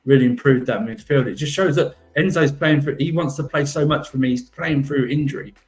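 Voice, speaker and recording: A man's voice: medium pitch, brisk, close to an everyday voice. A man improvising as an embattled male football manager who defends his record with rambling, self-praising excuses in a comedic role-play. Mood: defensive.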